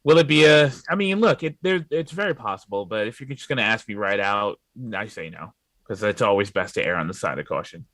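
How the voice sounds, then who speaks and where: A man co-hosting a casual pop culture podcast, blunt and quick to correct his partner. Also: on the low side, expressive, fairly bright tone, no echo. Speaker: podcast co-host.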